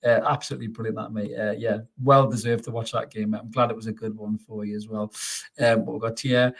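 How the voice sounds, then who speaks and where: The host of a post-match fan channel stream, an adult father with a lowish voice, talks fast as he reads out and responds to viewer comments. He stays upbeat, calls everyone mate, and stumbles and repeats himself in moments of excitement.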